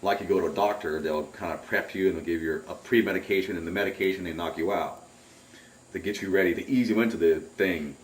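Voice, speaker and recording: A man recounting a camping trip in a rambling, excitable way, caught on a distant mic. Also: deep voice, fast. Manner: rambling, excitable storyteller who acts out remembered shouts. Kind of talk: casual spoken recollection. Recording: roomy, distant home recording.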